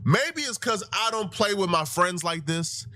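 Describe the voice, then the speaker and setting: A man's voice: sits high, animated, unhurried, pushed and bright. A man giving indignant casual commentary, repeating himself for emphasis. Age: 50s.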